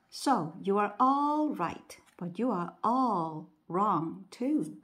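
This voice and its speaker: A woman reading the part of a wise, gentle prince in a bedtime storybook. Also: mid-range voice. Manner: calm, kindly explaining.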